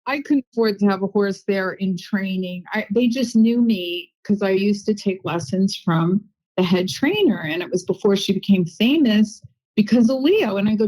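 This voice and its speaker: A woman guest on a podcast, telling a personal story in a chatty, animated way with lots of asides. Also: medium pitch, moderate pace, poor audio. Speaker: guest medium and intuitive healer. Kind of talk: casual interview storytelling.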